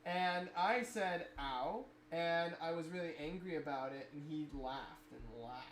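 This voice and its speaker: A man's voice: fairly high pitch, a little slow. A man on a livestream, telling a childhood story casually and animatedly, with many fillers. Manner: animated, rambling anecdote with fillers. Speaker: livestream co-host. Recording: echoey room with faint noise.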